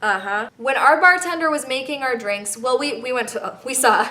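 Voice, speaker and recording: A woman's voice: high-pitched, normal speed, pushed and bright, roomy sound. A young woman in her twenties giving travel tips in a chatty, playful vlog with emphatic asides. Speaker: vlogger.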